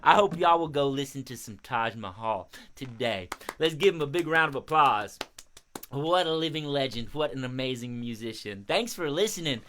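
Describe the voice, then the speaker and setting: A man hosting a live children's music show, chatting casually and giving shout-outs to young viewers. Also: mid-range voice, animated, normal speed, slight background noise. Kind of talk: casual live-stream chat for kids.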